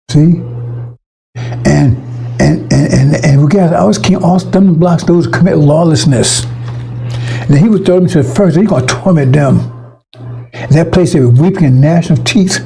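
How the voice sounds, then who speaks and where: A man preaching an online sermon in a gravelly, husky voice, pitched a little high for a man. His delivery is blunt and rambling, with frequent cursing and short chuckles. He is picked up by a computer microphone. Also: mellow, poor audio.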